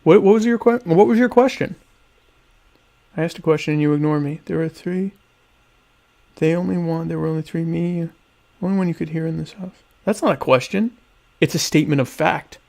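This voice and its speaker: Guy hosting a stream from home, gravelly kinda high voice, sarcastic and rambly, chewing on dinner. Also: fairly even intonation, a little fast, a little mellow. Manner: sarcastic, rambling, mock-grandiose. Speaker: podcast host. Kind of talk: casual solo livestream chat. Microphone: webcam stream setup.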